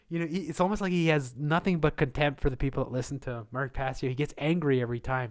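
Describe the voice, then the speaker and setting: A man's voice: on the high side, steady tone, quick pace, few pauses. A man hosting a live question-and-answer stream, rambling through conspiratorial takes and chuckling often. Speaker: livestream host. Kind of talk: live Q&A monologue.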